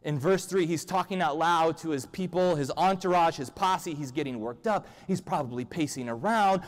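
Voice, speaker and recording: A man's voice: on the high side, normal speed, few pauses. A male pastor giving a humorous, conversational sermon in a church. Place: church sanctuary. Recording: long church-hall reverb.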